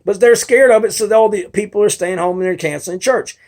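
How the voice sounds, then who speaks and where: A young adult man, a video blogger, delivers a casual, rambling monologue, argumentative and frustrated, restarting often and mimicking others in quotes. His voice is high, a little fast and a little mellow.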